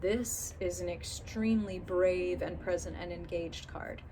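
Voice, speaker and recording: A woman's voice: on the low side, fairly even intonation, measured pace, dark tone, a little hiss or hum. Chatty woman reading tarot, swearing freely. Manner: chatty, candid, swears freely, acts out inner voices. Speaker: tarot reader. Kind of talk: casual tarot reading to camera.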